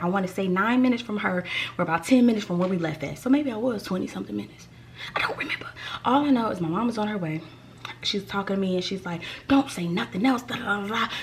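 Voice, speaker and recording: A woman vlogger telling a story from her own life, animated and fond of repeating lines for effect. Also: mid-range voice, a little hiss or hum. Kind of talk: storytime vlog.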